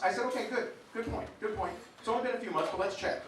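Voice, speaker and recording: A man's voice: high voice, racing, pushed and bright, slight background noise. A man in his forties doing crude live stand-up in a pub, telling punchy stories. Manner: brash, crude storytelling with punchy one-liners. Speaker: stand-up comedian. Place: pub stage in front of a live audience. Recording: distant echoey pub room with crowd laughter. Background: audience laughter and bar ambience.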